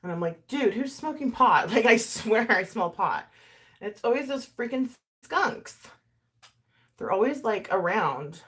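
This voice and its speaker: A woman chatting casually and rambling through a makeup tutorial, with lots of fillers and asides. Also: unhurried. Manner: animated, swings in pitch and loudness. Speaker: YouTuber doing a makeup tutorial. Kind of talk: casual chat while doing makeup, talking to live chat.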